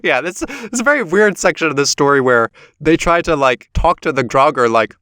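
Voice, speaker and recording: Podcast guy retelling a story, kinda high voice, swears a lot, dry close mic. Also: a little fast, few pauses, no room sound. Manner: animated storyteller, swears casually. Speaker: podcast host. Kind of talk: casual chat, retelling a story.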